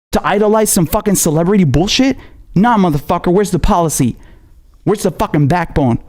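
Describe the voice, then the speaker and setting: A man's voice: sits high, lively intonation, fairly quick, darkish tone. Furious man ranting with constant profanity. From not American. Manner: profane, scolding, repetitive and heated. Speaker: political commentator. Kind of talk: angry ranting monologue.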